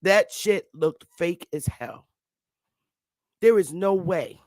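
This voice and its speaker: A woman vlogger sitting at home, ranting loudly and profanely to her viewers and laughing often. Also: fairly low pitch, slow, no room sound, clean studio sound. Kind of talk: profane comic rant to viewers.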